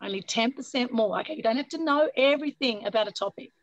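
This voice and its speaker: A woman with a husky voice hosting an online meetup, energetic and coaxing, often adding "right?" over a video call. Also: on the high side, quick pace, no echo, dull audio. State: husky from a recent flu. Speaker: meetup host. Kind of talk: upbeat motivational talk on a video call.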